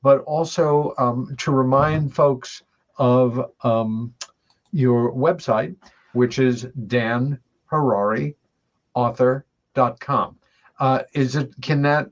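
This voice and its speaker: A male talk-show host who speaks haltingly, pausing with fillers as he searches for words. His mid-range voice sounds dull and lo-fi. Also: mid-range voice, fairly even intonation. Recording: dull lo-fi audio.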